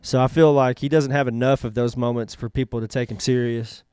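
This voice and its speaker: A man talking casually on a podcast, with a smooth and resonant voice at an average pitch. He backs up and restarts as he weighs his thoughts. The recording is dry and close-miked. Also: fairly even intonation, a little mellow, dry recording. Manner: conversational, halting with restarts while forming opinions. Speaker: podcast co-host.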